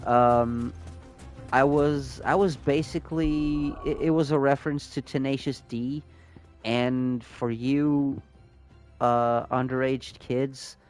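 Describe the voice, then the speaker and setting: A male game streamer talks slowly and loosely over his gameplay, rambling and reacting to his chat. His pitch sits in the middle for a man, and faint game music plays behind him. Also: darkish tone. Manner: chatty and rambling, reacts to chat, swears freely. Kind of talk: casual live-stream gameplay commentary.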